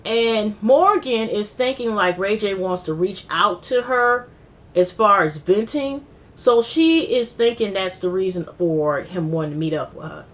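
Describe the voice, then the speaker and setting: A woman casually recapping a reality TV episode, rambling and animated, acting out quotes and swearing freely. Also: mid-range voice, unhurried. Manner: rambling, animated retelling with quoted voices and profanity. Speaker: TV recap vlogger.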